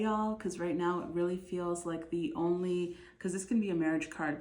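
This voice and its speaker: A woman's voice: lowish voice, a little mellow. A woman giving a casual tarot reading to her viewers, speaking with many fillers and restarts, with a bit of a cough. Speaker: tarot reader. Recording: echoey room.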